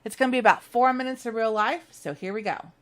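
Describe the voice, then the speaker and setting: Upbeat female sewing instructor, slightly higher voice, friendly step-by-step tutorial delivery. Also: quick pace. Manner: upbeat, chatty, enthusiastic about stitching. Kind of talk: machine embroidery tutorial.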